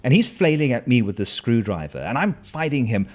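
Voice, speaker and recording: A man's voice: mid-range voice, sing-song, fairly quick, hardly any pauses, a little mellow. A man telling a personal story in a casual, wry, self-mocking way, with lots of fillers and restarts.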